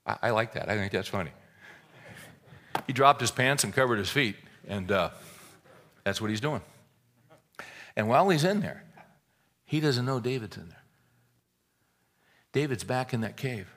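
A man's voice: mid-range voice, expressive, moderate pace, pauses often, a bit bright. A man preaching a sermon, retelling a scripture story in a folksy, joking way and often repeating words as he restarts a thought.

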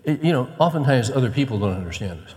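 A man's voice: animated, fast talker, a little mellow, in a large hall. A male pastor preaching a conversational sermon, moving from casual asides to emphatic encouragement. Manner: conversational, rising to emphatic urging, with quoted scripture read low.

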